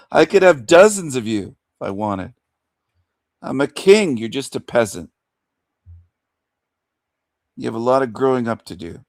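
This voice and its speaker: A man rants on his livestream with a gravelly, creaky voice at an unhurried, drawn-out pace. He taunts and insults, chuckling between his jabs, and the sound is close and dry. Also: medium pitch, no room sound. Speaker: livestream host. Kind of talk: livestream rant.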